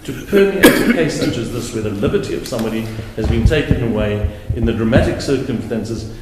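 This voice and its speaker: A male advocate giving a deliberate, emphatic courtroom argument, repeating words for stress. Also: medium pitch, lively intonation, background noise. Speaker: advocate arguing an appeal. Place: large courtroom. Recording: very echoey courtroom with long reverb.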